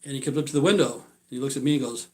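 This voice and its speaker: Man, 60s, live-stream storyteller; blunt, profane, filler-heavy delivery that trails off, mid-range pitch. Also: rapid-fire. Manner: rambling, filler-heavy, trails off quietly at phrase ends. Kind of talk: casual rambling storytelling.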